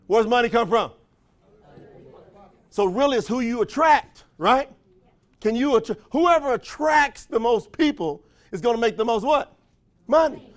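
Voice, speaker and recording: Man, high-pitched motivational trainer working a room, folksy, quizzes the crowd constantly. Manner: energetic, call-and-response questions to the crowd; folksy, slangy phrasing with frequent laughs. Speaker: motivational trainer for a sales company. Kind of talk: motivational speech to a live audience.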